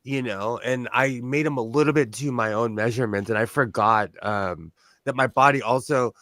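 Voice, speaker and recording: A man's voice: medium pitch, moderate pace, fairly bright tone, dry recording. A man hosting a casual chat, rambling and self-deprecating. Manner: rambling, self-deprecating, many fillers and restarts. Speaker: host. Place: home sewing room. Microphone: on-camera shotgun mic.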